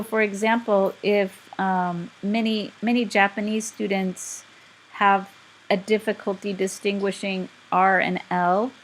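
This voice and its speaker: A woman's voice: mid-range voice, a little hiss or hum, poor audio. A woman teaching a class, explaining step by step in a patient, direct way. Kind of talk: instructional lecture.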